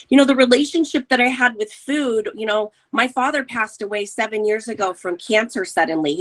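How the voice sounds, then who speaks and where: A woman in her forties, a wellness coach guest, telling personal stories in an earnest, emotional way. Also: mid-range voice. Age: 40s. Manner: emotional, earnest, animated retelling. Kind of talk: candid personal storytelling.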